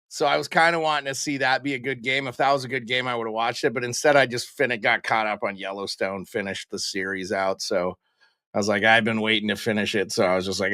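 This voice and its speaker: A man's voice: mid-range voice, pushed and bright, no room sound, studio quality. Chatty man hosting a live stream. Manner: chatty, greets viewers by name. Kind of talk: casual pre-game live stream chat.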